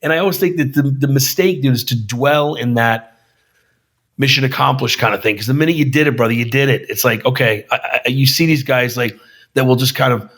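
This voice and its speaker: A man's voice: mid-range voice, brisk, fairly bright tone. Man, film director, casual guest chat, heavy swearing, punchy quoted lines, mid-range voice. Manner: profane, emphatic storyteller acting out quotes. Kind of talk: casual conversation.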